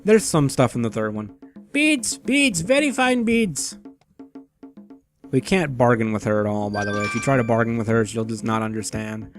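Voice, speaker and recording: A man commentating a game, with sarcastic, low-key asides. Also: quick pace, few pauses, soft background music. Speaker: let's play host.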